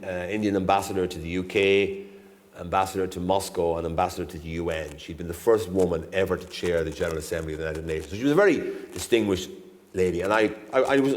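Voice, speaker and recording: A man, a guest ambassador telling a story in a relaxed, rambling, self-deprecating way. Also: sits low. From Ireland. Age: 60s. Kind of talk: anecdotal storytelling on stage. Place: university lecture hall. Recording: reverberant lecture hall.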